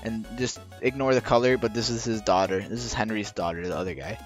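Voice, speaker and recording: A man rambling through a casual explainer while drawing, halting with many restarts and rushing against a timer. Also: lowish voice. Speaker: video creator explaining game lore. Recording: dull lo-fi recording with faint music.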